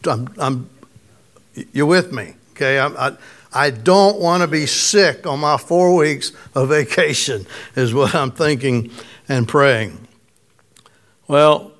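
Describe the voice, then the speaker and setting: Middle-aged male pastor, slightly raspy, conversational storytelling sermon, mid-pitched. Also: a bit bright. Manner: conversational, storytelling, asks congregation questions.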